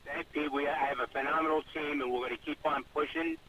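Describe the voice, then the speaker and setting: A man's voice: a little high, steady tone, fast talker, crowd noise. A man calling in to a radio show by telephone, affable and folksy, stumbling over his words. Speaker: caller, county executive. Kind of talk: phone-in chat. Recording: noisy phone line.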